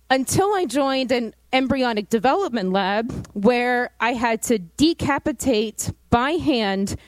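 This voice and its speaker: Young woman in her twenties, fairly high voice, dry close sound, chatty storytelling talk, filler-heavy. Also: no room sound, poor audio. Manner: animated, chatty, lots of fillers. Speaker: student speaker.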